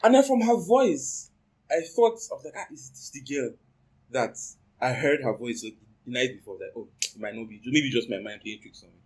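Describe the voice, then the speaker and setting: Husky-voiced Nigerian young man. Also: mid-range voice, moderate pace, poor audio. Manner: animated, acts out quoted speech, pidgin slang. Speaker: co-host. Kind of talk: casual storytelling.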